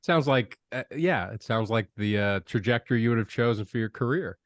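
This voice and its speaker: Upbeat host on a dry call. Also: male voice, mid-range voice, animated, fairly quick, no echo. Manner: upbeat, prompting questions, laughs along. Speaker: podcast host. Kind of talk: casual interview over a video call. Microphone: video call.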